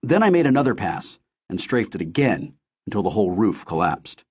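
A man reading a first-person novel aloud in a steady, measured storytelling manner. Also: lowish voice, slightly rough. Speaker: audiobook narrator.

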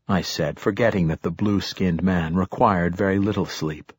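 Low, husky male audiobook narrator. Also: steady tone. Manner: measured, reflective storytelling. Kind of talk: scripted first-person narration.

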